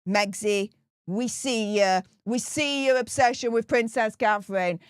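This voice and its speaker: Brief: sarcastic British woman vlogger, higher pitch, dry, close recording. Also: unhurried, clear, resonant tone, no room sound. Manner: sarcastic, animated. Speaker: commentary vlogger. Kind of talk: casual commentary.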